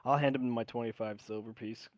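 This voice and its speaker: A man playing in a tabletop game, speaking in a dry, low-key way. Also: steady tone, a little fast, no room sound. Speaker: player. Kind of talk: casual chat.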